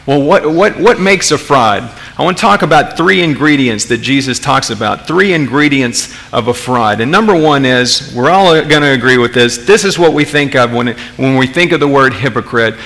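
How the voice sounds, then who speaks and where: A man's voice: mid-range voice, moderate pace, gravelly, hardly any pauses, fairly bright tone. A man preaching a sermon as pastor, conversational, with rhetorical questions and frequent restarts. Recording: long reverb of a large hall.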